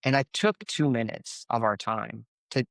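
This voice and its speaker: A man's voice: mid-range voice, normal speed, gravelly, no echo. A man, a coach, speaking as a podcast guest, telling stories and giving life advice in an earnest, motivational way. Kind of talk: conversational podcast interview.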